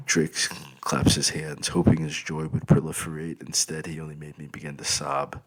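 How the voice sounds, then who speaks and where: A man reading an audiobook in an expressive first-person storytelling way. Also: a bass voice, moderate pace. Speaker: audiobook narrator. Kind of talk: scripted audiobook narration.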